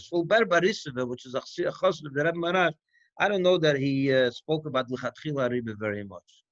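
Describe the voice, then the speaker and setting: A man's fairly high voice with a lilt, talking through a teaching session in a loose, conversational way. He keeps firing off rhetorical questions and circling back to restart his thoughts. The recording sounds dull and dry. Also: fast, no echo. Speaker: rabbi. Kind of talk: farbrengen talk.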